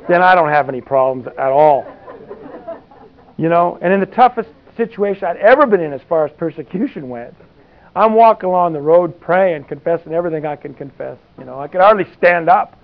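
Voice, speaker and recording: Man, preacher, conversational sermon, folksy asides, higher voice, tinny lo-fi line. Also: brisk. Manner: folksy, rambling asides with frequent "you know". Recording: tinny phone-like sound.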